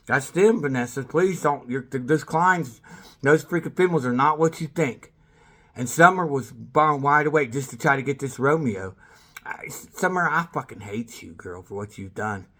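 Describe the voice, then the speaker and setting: A man's voice: fairly high pitch, fairly bright tone. A man rambling in a monologue to camera, calling people out by name and trailing off mid-sentence.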